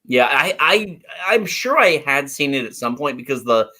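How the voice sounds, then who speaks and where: Male podcast co-host, bouncy, expressive delivery, eager and a bit stumbly. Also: medium pitch, normal speed. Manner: animated, enthusiastic, stumbles into restarts. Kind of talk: casual chat reviewing cartoons.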